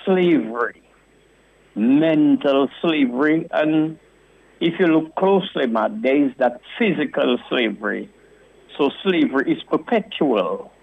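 A man's voice: mid-range voice, creaky. A male caller, speaking passionately and repetitively to a radio host and often saying the host's name. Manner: impassioned, repetitive, keeps addressing the host by name. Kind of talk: call-in radio rant. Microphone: telephone. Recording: phone-line caller audio.

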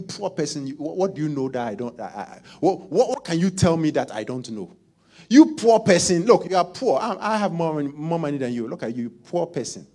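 A preacher acting out an arrogant rich man who loudly taunts a poor person, his voice pushed high and loud as he mocks. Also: slightly rough, full character voice.

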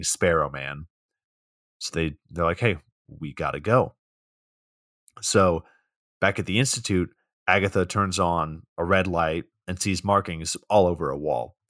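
A man with a low voice retells a movie plot for a podcast, tossing in sarcastic asides and quick impressions of the characters. The sound is dry and close, with no room echo. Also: a bit bright. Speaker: podcast co-host. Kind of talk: casual movie recap.

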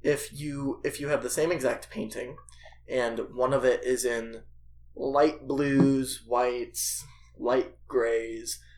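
A man's voice: mid-range voice, fairly even intonation, slow, darkish tone. A man in a casual discussion, explaining ideas at length and in a lecturing way, with many filler words.

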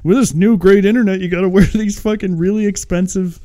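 A man's voice: sits high, steady tone, brisk, warm tone. A man chatting casually about a movie, rambling and swearing, often laughing as he talks.

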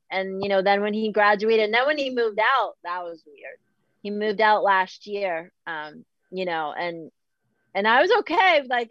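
A middle-aged woman from Boston, talking candidly in a slightly high voice. She is animated and self-deprecating and keeps quoting her own past thoughts. The sound is dry and a little dull. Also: no echo. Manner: animated, self-deprecating, quotes herself often. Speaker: podcast guest. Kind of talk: candid conversational chat.

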